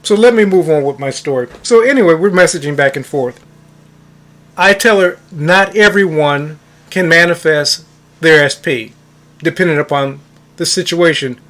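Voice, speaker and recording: A man's voice: on the high side, normal speed, a bit bright. A man who coaches on manifestation, telling a story in a casual monologue, stressing words for emphasis and addressing listeners as guys.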